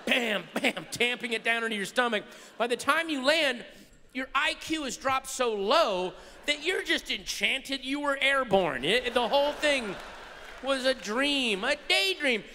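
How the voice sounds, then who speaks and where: A man performing a stand-up comedy routine on stage, animated, swinging between muttered asides and shouted rants. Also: very high voice, measured pace, slight background noise. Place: large theater stage before a live audience. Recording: live hall recording with reverb.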